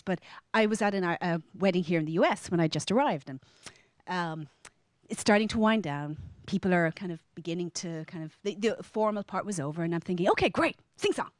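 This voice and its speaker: A middle-aged woman with an Irish accent, telling a personal story to a live audience in a lively, animated way. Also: no room sound. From Ireland. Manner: lively, animated, acts out quoted lines in a higher voice.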